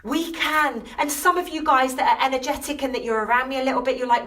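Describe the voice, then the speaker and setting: High-voiced woman, earnest live-stream pep talk. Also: fairly quick, few pauses, fairly bright tone, distant mic. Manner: earnest and emotional, speaks straight to viewers, repeats questions. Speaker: self-love coach hosting a live stream. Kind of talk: impassioned motivational live stream. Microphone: phone or webcam on a social live stream.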